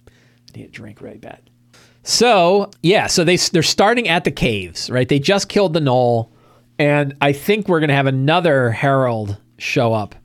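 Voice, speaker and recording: Animated man recapping a game session. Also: medium pitch, dry recording. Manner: animated storytelling, acting out players' lines, frequent restarts. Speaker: host giving game-master prep advice. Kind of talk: casual spoken prep talk.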